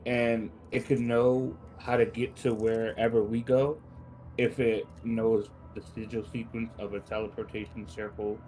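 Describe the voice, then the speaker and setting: A man's voice: lowish voice, flat delivery, a little slow, mellow. A man playing a tabletop game who asks questions and plans ahead. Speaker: player.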